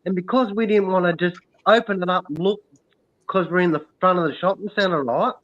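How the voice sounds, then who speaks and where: A man's voice: high-pitched, a little fast. An Australian man telling a long casual story, full of "um" and "right?" asides. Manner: rambling, many "um" and "right?". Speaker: stream co-host. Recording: dull lo-fi sound.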